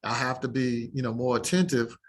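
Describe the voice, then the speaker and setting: A man's voice: medium pitch, level tone, brisk. A man who works as a mortgage lender, talking casually and plainly to real estate agents, now and then laughing. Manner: chatty, laughing, plain-spoken.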